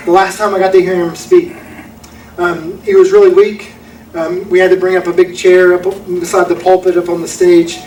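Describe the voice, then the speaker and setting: A man's voice: sits high, darkish tone, slight background noise. A young man preaching a sermon, telling a story in an earnest, folksy way. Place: church auditorium. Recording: echoey room from a distance.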